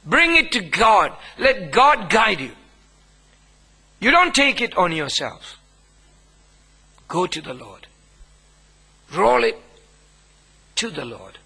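A man, preaching a sermon as pastor, with emphatic phrasing and long pauses between phrases. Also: sits high, big pitch swings, pushed and bright, breathy edge, poor audio.

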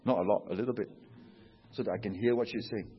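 A Singaporean pastor preaching a sermon, telling stories in an animated way and tagging his sentences with "huh?" and "you know". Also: fairly low pitch, quick pace, husky. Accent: Singaporean English. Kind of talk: sermon with anecdotes. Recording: dull echoey hall recording.

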